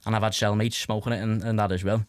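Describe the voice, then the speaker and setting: A man's voice: on the low side, flat delivery, fast talker, clear, resonant tone, dry recording. A young man in his twenties with a Scouse accent, telling stories as a podcast guest in a rambling way, full of "like" fillers and swearing. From Liverpool, England. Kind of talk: casual anecdotal storytelling.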